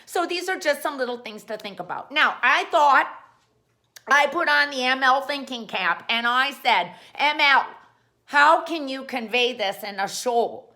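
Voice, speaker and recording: A woman's voice: high-pitched, expressive, measured pace, bright, forceful tone. A woman hosting a comic how-to show, playful and rambling, full of jokey asides. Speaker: host.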